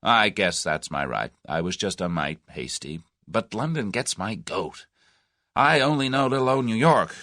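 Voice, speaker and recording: A man's voice: fairly low pitch, expressive, unhurried, no echo, clean studio sound, heavily acted. Man playing a brash blunt American. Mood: forceful. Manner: forceful, blunt.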